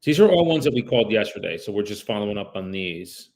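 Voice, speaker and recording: A man with a low, gravelly voice makes cold calls on a livestream, talking casually and directly to his viewers. On the phone he turns polite and apologetic. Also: big pitch swings, quick pace, darkish tone. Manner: chatty, addresses viewers directly. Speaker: real estate agent.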